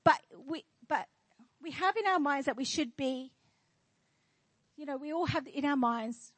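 High-voiced woman preaching a sermon. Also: unhurried, long pauses, fairly bright tone, dry recording, low-quality recording. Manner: declaring, rhetorical questions to the congregation. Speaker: pastor. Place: church.

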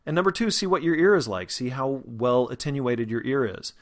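A man's voice: mid-range voice, a little fast. A man, a dialect coach giving a methodical video lesson to his students. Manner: explanatory, steady, methodical teaching.

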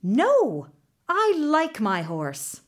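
Brief: woman doing a stubborn village potter, earnest and high. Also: wildly swooping pitch, very slow, full character voice. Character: humble male potter, stubborn and fond.

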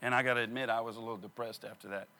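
A man preaching a sermon through an animated, comic personal story. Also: medium pitch, rapid-fire.

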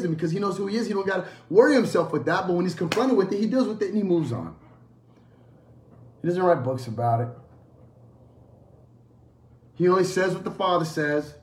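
A man delivering a sermon with a lively, swooping voice that rises higher than most. He hammers points home by repeating phrases and throwing rhetorical questions at the listeners. The sound carries a roomy echo. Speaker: preacher.

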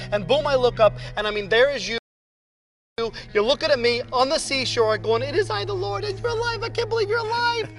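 A man acting out an overjoyed fisherman disciple, all high squeals and rushing words, spilling his story in a breathless gush for a comic church video. Faint music runs under him. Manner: breathless, gushing, talks fast in a high excited voice. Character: excitable adult male fisherman disciple, overjoyed.

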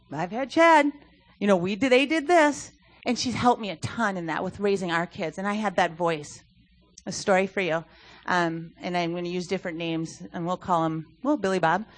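Speaking at a church service, a youth ministry speaker delivers her sermon talk in an earnest, conversational way, often using fillers. Her voice is mid-range and a bit bright.

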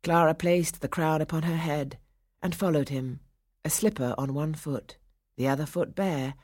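A woman reads a storybook aloud with an expressive, dramatic delivery. Her voice sits low with a husky grain, and it drops to a hush in the quiet passages. The recording is dry and close. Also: moderate pace, no echo. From England. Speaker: audiobook narrator. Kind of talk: storybook narration.

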